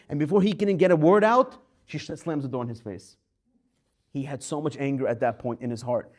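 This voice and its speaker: Animated rabbi telling a story. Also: male voice, medium pitch, a little fast. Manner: animated storyteller acting out quoted voices. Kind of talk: Torah class storytelling.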